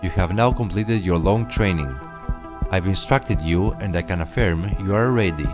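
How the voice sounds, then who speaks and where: A pompous, theatrical knight of a secret order, voiced by a man in a video game, speaking in a somewhat low, grandiose tone. He lurches between solemn ritual speech and the patter of a game-show host. Loud background music plays under the game audio. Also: normal speed, lightly acted.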